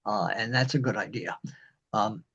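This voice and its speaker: An older man, a community band director, explaining conducting in a rambling, halting way and singing rhythms. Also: on the low side, sharp tone, breathy edge, highs cut off. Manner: rambling, halting, with many fillers and sung rhythms. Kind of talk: instructional talk on conducting.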